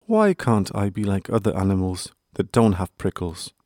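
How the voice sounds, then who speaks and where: A man's voice: low-pitched, big pitch swings, moderate pace, a little mellow, no echo, clean studio sound. A man voicing a young, timid boy hedgehog who whimpers and pleads in a tearful way. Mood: sad.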